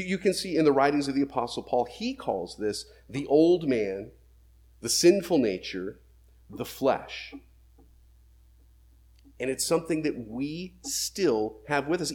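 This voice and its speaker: A man's voice: fairly high pitch, a little mellow, breathy edge. A man preaching a sermon, reading scripture aloud and then explaining it with emphatic questions.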